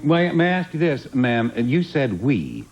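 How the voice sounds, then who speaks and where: A man's voice: medium pitch, very animated, measured pace, a little hiss or hum. A man on a game show panel asking questions in a dry, wry, politely persistent way.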